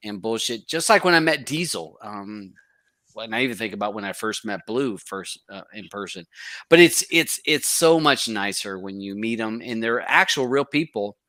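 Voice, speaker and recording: A man's voice: on the low side, animated, normal speed, bright, forceful tone, dry recording. A man hosting a casual panel chat, who laughs often and swears freely as he tells stories. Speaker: host.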